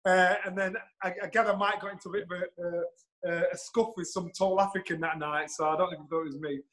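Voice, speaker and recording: Animated man telling a story. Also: sits high, fast, low-quality recording. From England. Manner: animated, swears, acts out quotes. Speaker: guest storyteller. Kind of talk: anecdotal storytelling.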